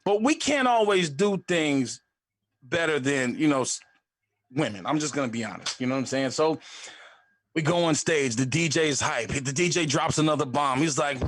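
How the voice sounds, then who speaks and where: A young adult man telling a comic story in a live storytelling show, animated and acting out other voices. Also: a little high, normal speed. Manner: animated, acts out voices in a loud hype.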